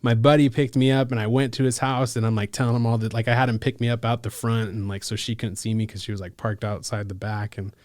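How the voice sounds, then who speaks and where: A man from Alaska working as a case manager, telling his own story in a casual, slangy podcast chat full of "like" and "bro" and quick laughs. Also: mid-range voice, little pitch movement, darkish tone, no echo, clean studio sound.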